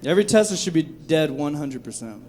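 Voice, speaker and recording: A man's voice: a little high, animated, a little fast, darkish tone. A young adult man doing a stand-up comedy set on a club stage, profane and rambling, often laughing at his own jokes. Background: audience laughter.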